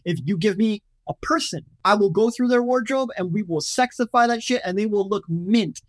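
A man makes his case in a relaxed podcast chat. He is emphatic and opinionated, stacking one example on the next. The sound is dry and close, with no room around it. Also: high voice, moderate pace, no echo. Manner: emphatic, opinionated, repeats words when excited. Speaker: podcast co-host. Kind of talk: casual chat.

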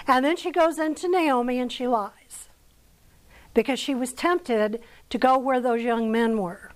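A woman with an American accent teaching scripture to a church group, her voice pitched high. She speaks slowly and deliberately, often pausing to ask her listeners a question before answering it herself. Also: low-quality recording. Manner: conversational, asks the audience questions. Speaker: women's Bible study teacher. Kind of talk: Bible teaching talk.

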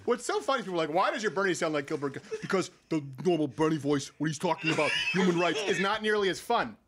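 A male host riffs through a casual livestream in quick, mocking banter. His voice sits high and jumps around lively. The talk moves fast. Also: very noisy.

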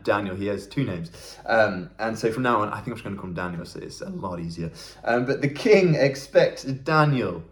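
A young man giving a relaxed devotional Bible talk, chatty and self-deprecating, often laughing as he tells a story. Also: medium pitch. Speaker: church worker training as vicar.

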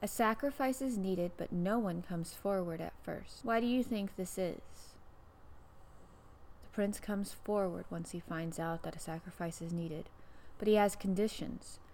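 A woman's voice: medium pitch, unhurried, darkish tone, slight background noise. A woman hosting a podcast, reading a classic novel chapter aloud. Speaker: podcast host and reader.

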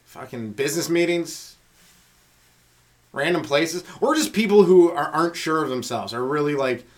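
A man doing a rambling stand-up comedy monologue on his podcast, riffing with frequent asides to the listener and swinging between loud and hushed delivery. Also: on the high side, expressive, normal speed. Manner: riffing, talks to listener with frequent "right?" and "you know".

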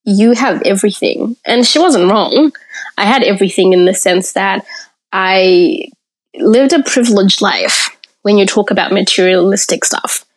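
A woman's voice: medium pitch, expressive. A woman from Africa, a podcast guest, telling her personal story in an interview in a candid, reflective way. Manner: candid and reflective, pausing to gather thoughts.

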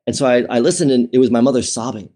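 A man with a medium-pitched voice tells his life story as an interview guest, candid and emotional. His tone is mellow and relaxed, and he often restarts phrases and fills pauses with "um" and "you know."

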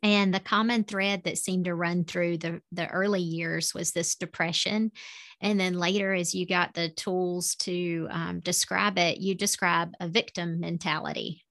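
A woman's voice: fairly low pitch, fairly even intonation, a little slow, fairly bright tone. Southern-accented woman interviewer. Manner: attentive, reflective questioning.

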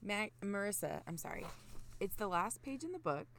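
A woman's voice: medium pitch, big pitch swings, vocal fry, a crowd in the background. A young woman co-hosting a casual book-club podcast who teases playfully and laughs easily. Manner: playful, teasing, quick to laugh. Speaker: podcast co-host.

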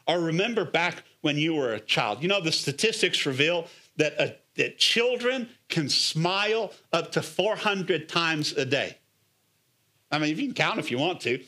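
High, bright-voiced man preaching with energy. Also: unhurried. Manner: energetic, coaxing preaching with repeated "come on" and rhetorical questions. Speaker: pastor. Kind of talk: sermon.

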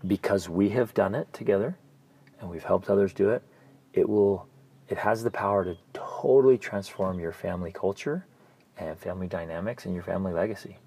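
A man hosting a casual podcast as a family coach, telling stories earnestly and sinking to soft, near-whispered emphasis on key points. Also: sits low, a little fast, husky.

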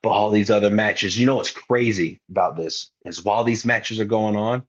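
A man's voice: on the low side, moderate pace. A man in his twenties, a guest wrestler, telling a story in casual podcast talk and animatedly acting out other people's lines. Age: 20s. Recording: muffled lo-fi recording.

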